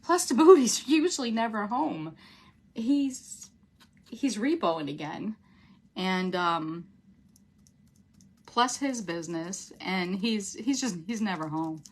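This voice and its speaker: A woman's voice: mid-range voice, expressive, takes it slowly, pauses often. A woman with a runny nose, hosting a casual craft livestream, chatting with viewers as she works and laughing often.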